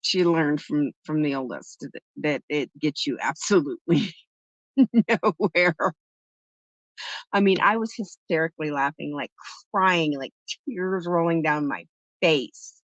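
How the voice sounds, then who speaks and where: A woman's voice: sits low, moderate pace, no echo. Woman live-stream host, casual and chatty, tells stories and answers her viewers; dry, muffled lo-fi recording. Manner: chatty storytelling, answering chat. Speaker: livestream host. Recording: dull lo-fi, dry sound.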